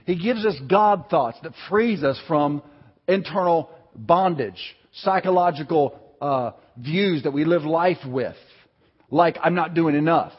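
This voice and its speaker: A man's voice: fairly high pitch, lively intonation, slow pace, breathy edge. A pastor preaching a sermon, telling personal stories and asking his congregation questions. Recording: dull sound with long hall reverb.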